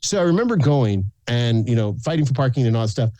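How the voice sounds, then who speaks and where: A man's voice: mid-range voice, expressive, fast, dark tone, dry recording. A man from San Antonio, Texas, telling stories as a podcast guest. He acts out the people he quotes and laughs often. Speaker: guest, food content creator. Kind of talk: casual storytelling in a podcast interview.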